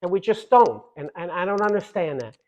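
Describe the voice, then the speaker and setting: Fiery middle-aged man, somewhat high-pitched voice, rally speech, loud punchy repetition with quiet asides. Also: expressive, brisk, low-quality recording. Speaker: congressman giving a speech.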